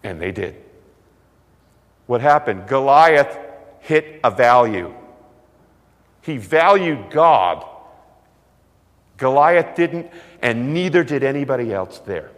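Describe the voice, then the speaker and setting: A man preaching a sermon, telling stories with lively delivery and acting out the voices of the people in them. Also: mid-range voice, slow pace, pauses often. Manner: animated storytelling, acts out voices. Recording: long hall reverb.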